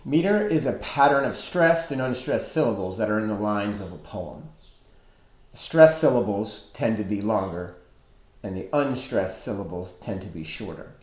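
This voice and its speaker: A man giving an online literature lecture, explaining slowly and deliberately with pauses. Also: on the low side, lively intonation, darkish tone. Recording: echoey room.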